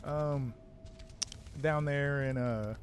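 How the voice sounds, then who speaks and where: A man's voice: mid-range voice, steady tone, drawn-out words, slight background noise. An American man chatting casually on a live stream, answering chat while he plays a game. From United States.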